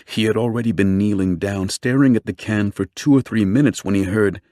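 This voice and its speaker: Brief: male audiobook reader, low voice, dry close mic, steady measured delivery. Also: no echo. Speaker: audiobook narrator. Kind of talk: scripted narration.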